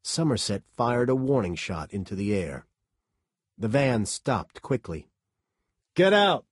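A man giving a measured, expressive scripted narration of an audiobook. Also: fairly low pitch, slightly rough, no room sound, studio quality.

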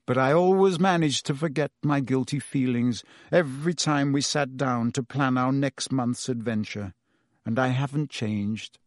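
A man's voice: medium pitch, a little slow, no echo, studio quality, lightly acted. A man reading an audiobook, voicing a weary, guilt-ridden adult male teacher who speaks heavily and with self-reproach. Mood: remorseful. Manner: heavy, confessional, self-reproaching.

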